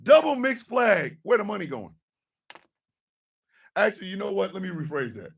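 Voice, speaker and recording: A man hosting a radio show, joking loudly with profane rants, mock outrage and sudden shouted lines. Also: high voice, sing-song, normal speed, creaky, slightly rough, far from the mic. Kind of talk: loud comedic live-stream banter.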